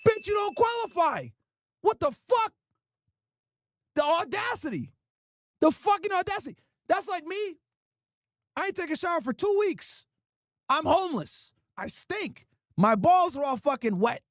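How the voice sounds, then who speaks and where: A man's voice: very high-pitched, no echo, studio quality. A man hosting a livestream, giving crude, mocking reaction commentary and laughing often. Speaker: livestream host.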